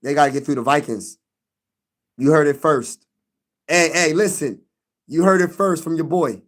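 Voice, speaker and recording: A man's voice: on the high side, moderate pace. A young man hosting a sports live stream, venting loosely in slang and talking back to his chat.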